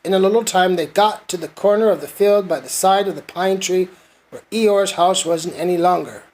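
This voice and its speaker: A man reading a storybook aloud to his son in a gentle, even way. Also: sits high, normal speed. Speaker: father reading a bedtime story.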